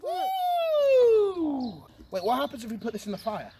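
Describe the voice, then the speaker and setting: A young man streaming a casual outdoor vlog, excitable and chatty, who keeps calling his viewers boys and swings between mumbling and yelling. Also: high-pitched, racing, slight background noise. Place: outdoor garden.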